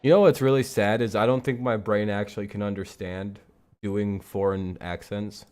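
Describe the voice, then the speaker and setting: A rambling, foul-mouthed man talking loosely through a live watch-along stream. His voice sits a little low and relaxed, and he jokes and grumbles as he goes. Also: moderate pace, clear, resonant tone. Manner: rambling, profane, jokey. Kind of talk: casual live-stream chat over a game.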